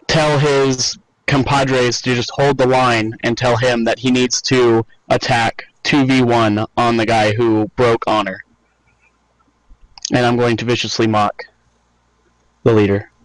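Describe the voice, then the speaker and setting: A man's voice: medium pitch, no echo, poor audio. A man playing a tabletop game over a voice call, describing his character's taunts with glee. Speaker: player. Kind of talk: casual tabletop game play.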